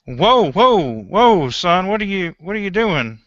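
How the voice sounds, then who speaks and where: A man's voice: mid-range voice, normal speed, sharp tone, no echo, dull audio, lightly acted. A man voicing Richard, a nervous young site guard who stammers and pleads. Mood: alarmed.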